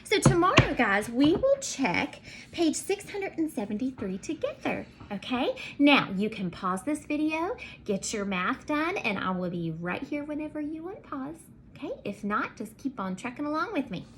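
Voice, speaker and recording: A woman's voice: sits high, sing-song, normal speed, slight background noise. A woman teacher giving a recorded video lesson to young children, counting and spelling aloud in an encouraging, singsong way.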